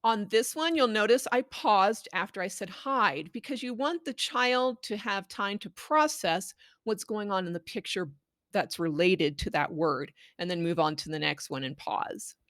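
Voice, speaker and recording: A woman educator giving clear, patient instructions on how to read a picture book aloud to a child. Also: medium pitch, measured pace, a bit bright, no echo, studio quality. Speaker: Spanish language educator. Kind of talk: instructional talk on reading aloud.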